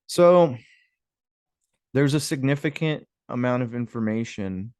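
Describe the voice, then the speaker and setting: A man's voice: mid-range voice, a little mellow, dry recording. Dry, musing male history vlogger. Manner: musing, sarcastic asides, frequent "guys" and chuckles. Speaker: history video host. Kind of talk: casual commentary over images.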